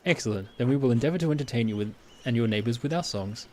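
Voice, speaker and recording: A man's voice: medium pitch, fast, noisy background, close to an everyday voice. A man putting on a grand, courtly travelling musician. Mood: courteous. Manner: theatrical put-on accent, grand.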